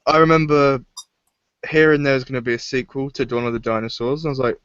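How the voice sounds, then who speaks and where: A young man reviewing films in a casual chat, animated, laughing often and acting out lines. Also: medium pitch, fast talker, clean tone, dry recording, highs cut off. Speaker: film reviewer.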